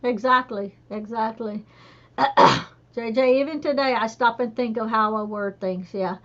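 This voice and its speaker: A middle-aged woman hosting a casual chat, telling animated stories. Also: on the high side, measured pace, highs cut off. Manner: chatty, animated storyteller. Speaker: host.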